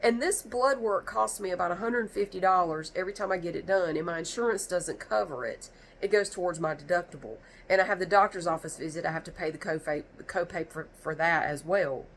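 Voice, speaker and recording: A woman's voice: on the low side, brisk, few pauses, slight background noise, poor audio. Exasperated woman ranting with a stuffy nose. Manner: exasperated, animated, rambling with restarts. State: stuffy from sneezing. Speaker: vlogger. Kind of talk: casual storytime rant.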